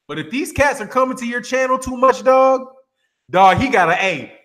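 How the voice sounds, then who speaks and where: A man's voice: very high-pitched, expressive, normal speed, fairly bright tone. A man hosting a boxing talk channel, chatting casually in loose slang and laughing often. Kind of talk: casual chat.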